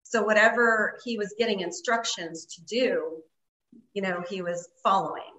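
A woman's voice: mid-range voice, normal speed, pushed and bright, echoey room, dull audio. A woman guest telling a story in casual conversation, rambling with lots of fillers. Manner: rambling, many fillers like "like" and "you know". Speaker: interview guest.

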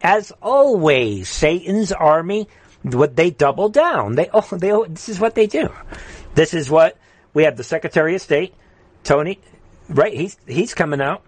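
A man hosting a live political stream, ranting and taunting, with sudden loud jumps up in pitch. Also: expressive, moderate pace, no room sound. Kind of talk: heated political commentary.

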